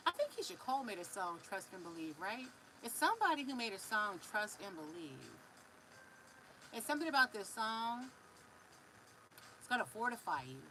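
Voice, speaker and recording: A Californian woman with a slightly high voice gives a live spiritual reading. She talks in a loose, animated way, stretching words and filling gaps with hums and "yes, indeed." A faint hiss sits under the recording. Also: moderate pace, rough recording. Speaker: spiritual reader.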